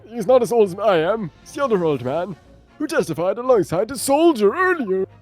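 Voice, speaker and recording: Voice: medium pitch, big pitch swings, fairly quick, darkish tone, soft background music. Someone playing a blustering old judge. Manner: blustering, bossy commands. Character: pompous elderly male judge. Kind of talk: reading game dialogue aloud.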